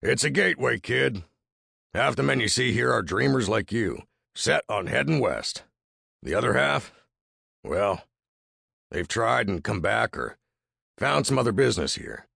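Man voicing a gravelly old frontier trapper. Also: medium pitch, very animated, unhurried, long pauses, sharp tone, no room sound, clean studio sound, voice pushed up, heavily acted. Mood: wry. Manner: amused, mocking drawl. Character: gruff older male frontier trapper, skeptical.

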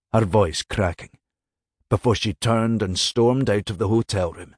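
A man narrating a dramatic novel as an audiobook, measured and expressive. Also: on the low side, dry recording, clean studio sound.

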